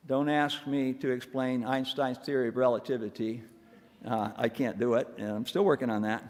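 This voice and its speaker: A man's voice: mid-range voice, fairly even intonation, moderate pace, a little mellow. Wry, self-mocking male minister in a hall. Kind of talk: sermon. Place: church sanctuary. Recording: long hall reverb.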